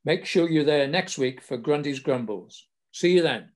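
A man's voice: fairly high pitch, animated, normal speed. An older man from England hosting a podcast, telling wry anecdotes in a casual storytelling way. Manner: wry, self-deprecating humour. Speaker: podcast host.

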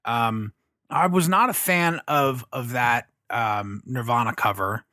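A man's voice: mid-range voice, slow, pushed and bright, no room sound, studio quality. A man co-hosting a casual movie review chat, laid-back and hesitant with many fillers.

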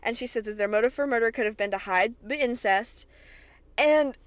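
A young woman from Kentucky hosting a podcast, recapping a TV episode in an excitable, chatty way with plenty of swearing. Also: a little high, normal speed. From Kentucky, USA. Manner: chatty, profane, excitable retelling. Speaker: podcast host.

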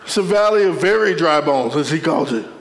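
A man preaching a sermon with a playful, animated delivery, full of laughing asides and calls to the congregation. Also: a little high, a little fast. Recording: echoey hall.

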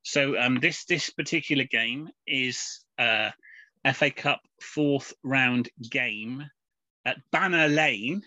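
Talking slowly in a sharp, mid-range voice, this man co-hosts a laid-back podcast where the conversation turns to reviewing comics. He wanders along with lots of filler words and false starts. The recording is dry with no room sound, but dull and lo-fi.

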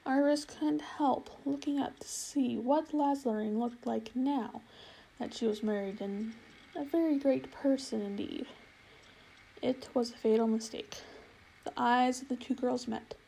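A woman narrating a storybook chapter in a measured, expressive reading. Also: a little high, vocal fry, breathy edge, low-quality recording. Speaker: audiobook reader.

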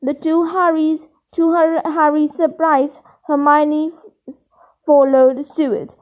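A woman with a high voice reads a novel aloud, plainly and steadily, stumbling on a word now and then. The recording sounds dull and lo-fi. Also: flat delivery, takes it slowly. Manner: plain reading with occasional slips and restarts. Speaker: audiobook reader.

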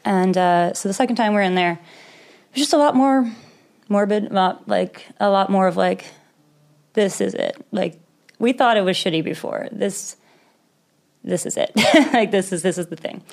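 A woman's voice: mid-range voice, moderate pace, vocal fry, darkish tone. A young woman casually telling a personal story in conversation, candid and rambling, with nervous laughs and the odd swear word.

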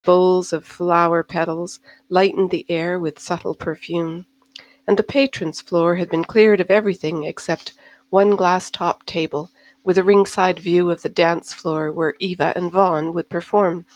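A woman narrating a science-fiction novel in a steady, measured storytelling manner. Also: on the low side, low-quality recording. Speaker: audiobook narrator. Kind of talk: scripted narration.

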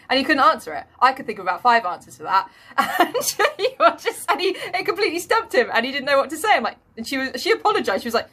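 Bright, joking woman. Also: a little high, lively intonation, fast talker. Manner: joking, laughs often. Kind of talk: casual chat.

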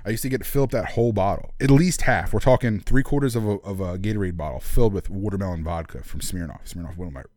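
A man's voice: sits low, quick pace, hardly any pauses, darkish tone, no echo, clean studio sound. A man co-hosting a podcast, telling a story in casual chat, laughing and acting out the people he quotes. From Philadelphia area. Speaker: podcast co-host.

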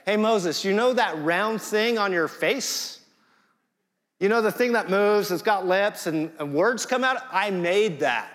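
Man doing a teasing deity, high put-on pitch, playful questions, long hall reverb. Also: animated, measured pace, fairly bright tone. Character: teasing, offhand male deity talking down.

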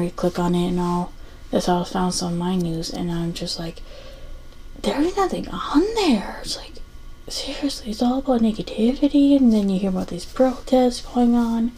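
A woman's voice: medium pitch, gravelly, warm tone, poor audio. A young adult woman hosting a casual solo podcast, rambling with lots of fillers and restarts. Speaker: podcast host.

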